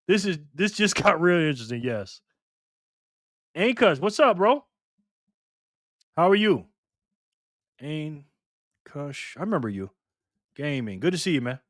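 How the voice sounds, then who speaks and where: A man's voice: fairly high pitch, very animated, measured pace, long pauses, a bit bright, no echo, clean studio sound. A man hosting a live stream, casually reading viewer comments and trading teasing, slangy banter with lots of laughter.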